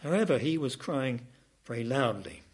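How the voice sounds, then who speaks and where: A man's voice: mid-range voice, expressive, normal speed, slightly rough. A man preaching a sermon, telling a Bible story with dramatic, rising and falling emphasis.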